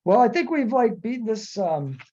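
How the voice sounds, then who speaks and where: A man hosting a podcast in casual chat, rambling and animated, acting out quotes as he goes. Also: high voice, moderate pace. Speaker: podcast host. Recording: dull lo-fi audio.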